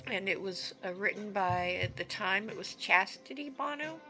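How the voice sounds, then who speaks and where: A woman telling a personal story in a halting, earnest, reflective way. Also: medium pitch, expressive, pushed and bright, soft background music, low-quality recording. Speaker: vlogger.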